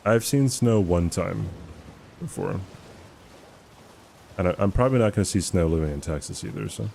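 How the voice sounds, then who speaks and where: Streamer, male, very low and mellow voice; loose, slangy, rambling stream chat into a home mic. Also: lively intonation, normal speed, vocal fry, slight background noise. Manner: laid-back, slangy, rambling. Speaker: livestreamer answering chat.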